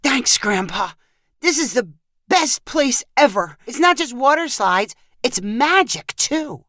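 Casting: woman playing a small excited boy, pleading and eager, voice pitched up high. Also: a little slow, no echo, clean studio sound.

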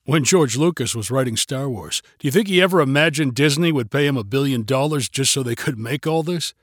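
A man's voice: mid-range voice, a little fast, no room sound, clean studio sound, lightly acted. A man voicing a starstruck young male fan who muses aloud as he looks around. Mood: wondering. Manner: musing, wondering aloud.

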